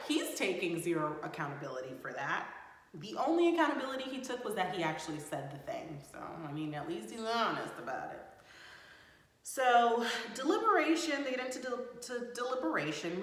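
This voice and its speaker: Female recap host, expressive delivery, bare echoing room. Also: lowish voice. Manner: animated, exasperated commentary with laughs. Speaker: reality show recap host. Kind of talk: casual reality TV recap. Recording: very echoey room.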